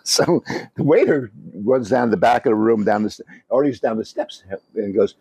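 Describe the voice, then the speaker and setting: A man's voice: lowish voice, normal speed, creaky, darkish tone, slightly rough, dry recording. An older man co-hosting a podcast, telling rambling anecdotes in casual chat and swearing often. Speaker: podcast co-host.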